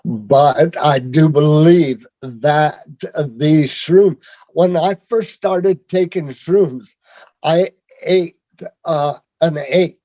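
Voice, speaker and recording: A man telling his own story on a video call in a rambling, halting way, with many fillers and restarts. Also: on the high side, dark tone, no room sound. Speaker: speaker sharing his story. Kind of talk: rambling personal testimony. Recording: dull lo-fi video call audio.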